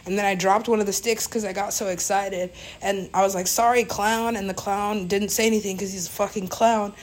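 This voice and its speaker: A woman's voice: mid-range voice, flat delivery, fairly quick, rough recording. A woman DJ telling a story in a casual, rambling way, full of fillers and swearing.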